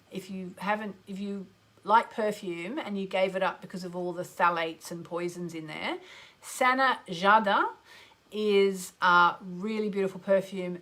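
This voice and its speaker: A woman's voice: on the low side, creaky, fairly bright tone. A middle-aged woman with an Australian accent, hosting a live astrology show, chatty and enthusiastic as she reads oracle cards and greets listeners by name. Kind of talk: live show chat with oracle card readings.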